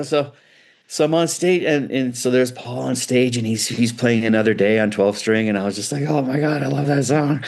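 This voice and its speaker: A middle-aged man, a guitar builder, chatting as a guest in an interview and telling animated, loose stories with frequent restarts. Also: mid-range voice, moderate pace. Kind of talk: casual storytelling interview.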